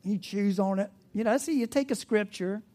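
A pastor preaching a sermon, animated and asking the congregation questions, dropping to a soft, hushed voice in reflective passages. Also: mid-range voice, moderate pace.

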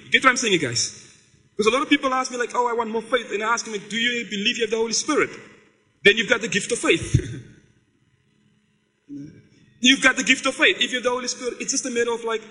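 A pastor speaks to his congregation with a strikingly high, bright voice. He preaches in a casual storytelling way, acting out the dialogue in his stories. The sound carries a long reverb, as in a large hall. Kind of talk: sermon.

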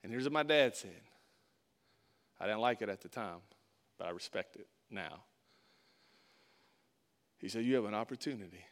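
A man preaching from the pulpit, telling a personal story with lively acted-out quotes, loud bursts and hushed asides. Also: lowish voice, measured pace, long pauses. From Florida. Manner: animated storyteller, acts out quotes, big swings in loudness. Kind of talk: sermon storytelling.

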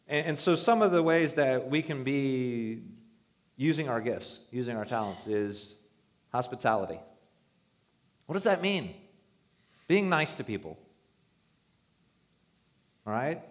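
A male pastor preaching a sermon in a conversational, joking way, acting out quoted voices. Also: medium pitch.

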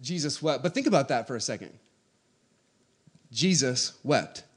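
A man preaching a sermon, moving between quiet conversational teaching and loud, rising exhortation. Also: mid-range voice, sing-song, rapid-fire, slightly rough.

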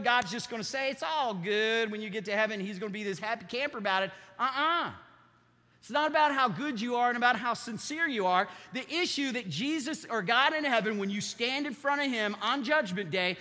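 A man's voice: very high voice, lively intonation, fairly quick, pushed and bright, big-room sound. A man in his fifties preaching a sermon, emphatic and repetitive. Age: 50s. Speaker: pastor.

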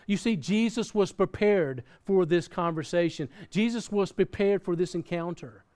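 A man's voice: sits high, moderate pace, darkish tone. A man preaching a sermon as pastor, earnest, often repeating and restarting words, and reading scripture aloud. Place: church in Australia.

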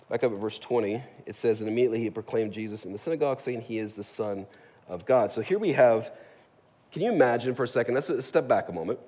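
A man's voice: medium pitch, darkish tone. Male pastor, chatty sermon, asks the room "right?", long reverb of a church hall. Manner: conversational, jokey, asks the congregation "right?". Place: church sanctuary.

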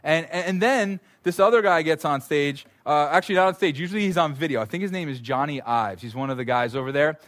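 A male pastor preaching a conversational, animated sermon, often repeating words as he goes. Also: fairly high pitch, fast talker, hardly any pauses.

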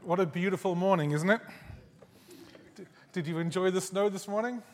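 A man preaching a sermon as a guest pastor, conversational and gently humorous, reading scripture aloud. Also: sits high, moderate pace, slight background noise. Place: church sanctuary. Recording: long hall reverb.

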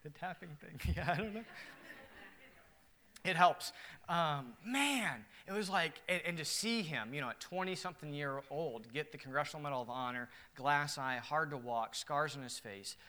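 A male pastor preaching with earnest emphasis, swinging from quiet, reflective lines to loud ones. His voice is bright and forceful, sitting a little high for a man. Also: moderate pace. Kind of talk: sermon.

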